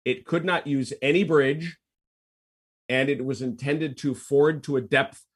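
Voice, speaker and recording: Husky guy reading off tank stats then chatting, kinda rough voice. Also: medium pitch, fairly even intonation, unhurried. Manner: reads facts aloud, then riffs with asides. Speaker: podcast co-host. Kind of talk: casual chat reading history facts.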